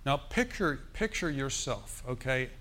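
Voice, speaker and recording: A man preaching a sermon, animated and quoting scripture, calling out for amens. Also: mid-range voice, measured pace.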